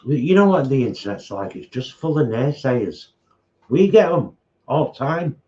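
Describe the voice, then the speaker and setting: A middle-aged man co-hosts a casual mukbang chat, speaking at a measured pace with a medium-pitched, warm and very animated voice. He's blunt and outspoken and mocks his critics. The home recording sounds slightly dull.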